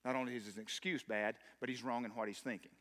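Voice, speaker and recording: A man's voice: medium pitch, steady tone, fast talker, fairly bright tone. A man, a pastor, giving an emphatic, impassioned sermon. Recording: long hall reverb.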